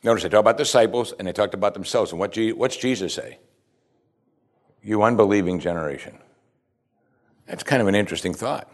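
Male pastor, lowish voice, easygoing sermon style that mixes scripture reading with rhetorical questions. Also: brisk, long pauses. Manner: conversational, asks the listeners rhetorical questions; reads scripture aloud and stops to comment.

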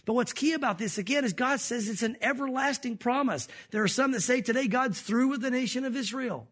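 A man's voice: extremely high pitch, a little fast, a bit bright, breathy edge. A pastor delivering a sermon to his congregation in an earnest, conversational preaching manner, speaking directly to his listeners. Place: church service.

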